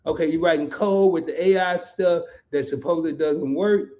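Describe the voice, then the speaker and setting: This live talk stream host is a man whose voice is on the high side and warm, delivered at normal speed. Keeping things casual, he reads out comments, laughs frequently, and repeats lines for emphasis.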